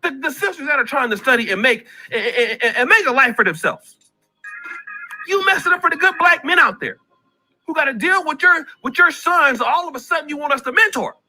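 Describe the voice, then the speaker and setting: A man's voice: extremely high pitch, animated, fairly quick, bright, forceful tone, faint music behind. A man hosting a commentary vlog, ranting in a preachy way, repeating himself and calling out people by name.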